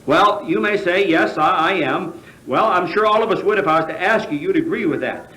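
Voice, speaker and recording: The speaker is an American man whose high voice comes across brisk and sharp as he gives a convention sermon. He throws rhetorical questions at his listeners while stumbling over fillers, all in an echoey, cavernous hall.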